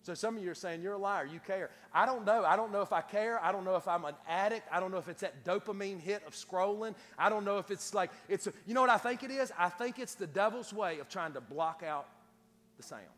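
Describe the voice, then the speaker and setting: This pastor's sermon comes in a high, slightly bright voice at a fast clip. Repeated words and stammering restarts gradually rise into a preaching cadence, and the recording carries a long hall reverb.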